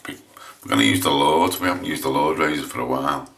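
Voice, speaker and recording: English man, very deep voice, bright forceful tone, hesitant casual shaving chat. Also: brisk, creaky. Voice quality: low voice. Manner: rambling, hesitant, lots of restarts. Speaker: shaving vlogger.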